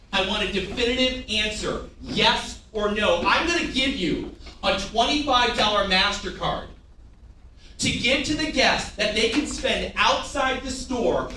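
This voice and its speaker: A man's voice: high voice, sharp tone, a little hiss or hum. Man, sales trainer, theatrical, audience call-and-response, heard from a distance. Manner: theatrical, has the audience repeat phrases back. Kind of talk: live sales training talk to a room. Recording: echoey room, picked up from a distance.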